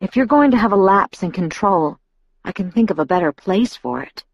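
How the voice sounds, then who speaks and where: A woman's voice: mid-range voice, animated, moderate pace, no room sound, muffled recording. Earnest, anxious teenage girl voiced by a female audiobook reader; plaintive and questioning, dry studio sound. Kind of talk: audiobook dialogue reading.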